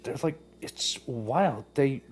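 A man chatting on a panel, telling things in a drawn-out way. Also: medium pitch, animated, a crowd in the background. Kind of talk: casual chat.

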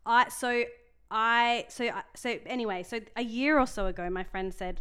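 Young woman, podcast co-host, smooth clear voice, rambling and self-interrupting, casual chat. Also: medium pitch, moderate pace, fairly bright tone.

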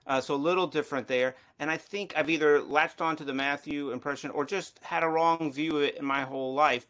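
A man's voice: mid-range voice, a bit bright. A man taking part in a Bible study discussion, thinking aloud with frequent restarts and hedges as he works through his view. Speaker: study participant.

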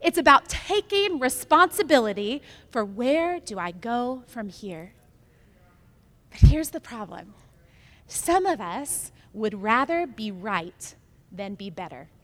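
Woman pastor, high-pitched, preaching with long hall reverb. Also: sing-song, slow, a bit bright. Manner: storytelling, building to emphatic repeated lines. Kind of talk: sermon.

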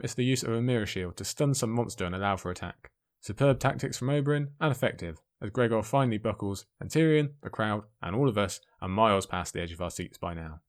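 A man giving an excited commentary on a fantasy book, speaking emphatically between the passages he reads out. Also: medium pitch. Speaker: book reviewer.

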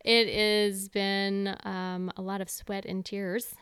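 A young woman hosts a podcast from her home, talking in a bubbly, casual way and filling her talk with "like" and "you know." Her voice is smooth and resonant, and the sound is dry and close. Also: medium pitch, level tone, takes it slowly, fairly bright tone, no echo. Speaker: podcast host. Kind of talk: casual interview chat.

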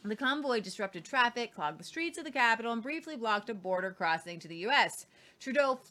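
A woman hosts a news commentary show. Her voice sits fairly high. She talks emphatically, with sarcastic, mocking asides. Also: fairly bright tone.

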